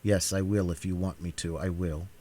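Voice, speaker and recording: A quiet, resigned young woman, her words low and hushed, as a male reader voices her in a cold-read audiobook. The voice sits very deep and stays soft and subdued. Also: steady tone, moderate pace.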